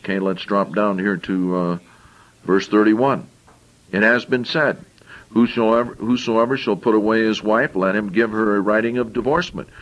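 A man's voice: lowish voice, steady tone, moderate pace, dull audio. A man preaching a sermon. He reads scripture aloud and explains it in plain, conversational asides, often repeating and restarting phrases.

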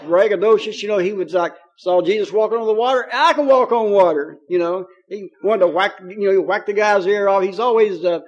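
A man preaching a sermon in a folksy, conversational way, reading scripture aloud and slowing on key phrases. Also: sits high, steady tone, dull audio. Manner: folksy and conversational, paraphrasing scripture in plain talk.

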